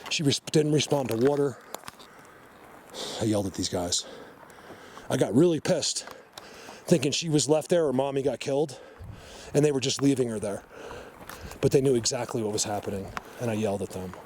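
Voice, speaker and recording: A man talks to his viewers from the woods, his voice soothing one moment and anxious the next. He sounds emotional and earnest. Steady outdoor noise sits clearly behind him. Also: medium pitch, normal speed, long pauses. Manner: emotional, soothing and fretful, addresses viewers directly. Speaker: vlogger. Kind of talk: on-the-spot nature vlog.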